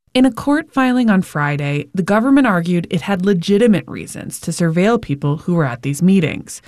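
A woman correspondent delivers a scripted news report in a low voice with a gravelly edge. Her delivery is measured and even. The recording is dry and close. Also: no room sound.

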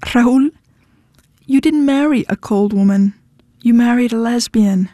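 A woman's voice: a little high, unhurried, dark tone, no echo, lightly acted. Woman reader doing blunt, impatient wife; firm delivery, dry sound. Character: blunt, tough young wife. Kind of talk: audiobook reading.

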